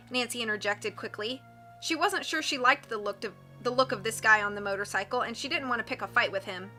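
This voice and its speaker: A woman reading a mystery novel aloud with a steady, expressive delivery. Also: on the high side, fairly quick, faint music behind. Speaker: audiobook reader.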